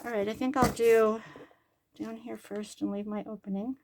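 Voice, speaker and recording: A woman's voice: fairly high pitch, fairly even intonation, moderate pace, noisy background. Chatty older woman crafting at home. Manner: chatty, rambling, jokes at her own expense. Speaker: crafting vlogger. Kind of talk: casual chat while sewing.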